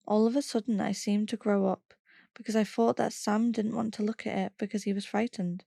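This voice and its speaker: A woman reading a first-person memoir aloud in a steady, plain storytelling manner. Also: mid-range voice, fairly quick, gravelly, dry recording, studio quality. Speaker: podcast reader.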